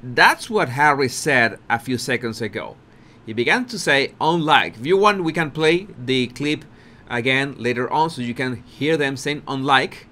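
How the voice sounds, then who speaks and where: A man's voice: mid-range voice, normal speed. A man giving casual commentary on a video clip, repeating words and restarting often. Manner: repetitive, restarts often, animated with laughter.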